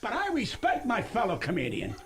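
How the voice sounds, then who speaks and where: A man in his seventies holds forth as a radio guest, brash and profane, lecturing like an old pro. His voice sits high and swings widely in pitch. The archived clip carries a steady, clearly audible hiss. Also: a little fast. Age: 70s. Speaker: comedian guest on a radio show. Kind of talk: radio interview storytelling.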